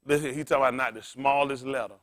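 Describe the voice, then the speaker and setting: A man's voice: medium pitch, steady tone, fast, fairly bright tone. A man preaching a sermon as pastor in a plain-spoken, folksy way, calling out to the congregation and asking it questions as he restates scripture.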